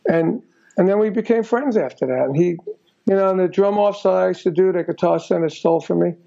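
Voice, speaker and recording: An older man telling stories as an interview guest, rambling and filling every pause with "you know". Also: high-pitched, gravelly, warm tone. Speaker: guest musician. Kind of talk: casual storytelling interview. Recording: dull lo-fi recording.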